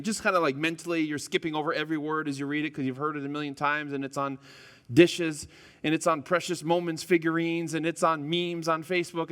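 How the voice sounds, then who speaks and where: A man's voice: fairly high pitch, sharp tone, clean tone. A man preaching as a pastor to a church congregation, casual and joking, with frequent stumbles and restarts. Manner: chatty and self-deprecating, stumbles and restarts. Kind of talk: casual, joking sermon opening. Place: church sanctuary. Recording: long hall reverb in a church.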